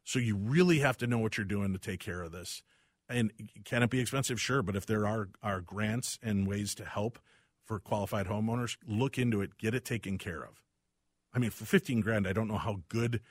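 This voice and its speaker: A man hosting a casual talk show, telling animated, self-deprecating stories about his house. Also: fairly low pitch, brisk, dry recording, studio quality. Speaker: radio show host. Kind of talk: casual chat.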